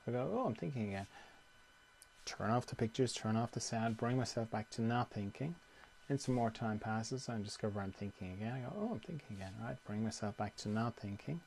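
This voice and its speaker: Calm man teaching meditation. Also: fairly low pitch, a little fast, vocal fry, a little hiss or hum. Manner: calm, conversational, repeats phrases. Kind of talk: guided meditation talk.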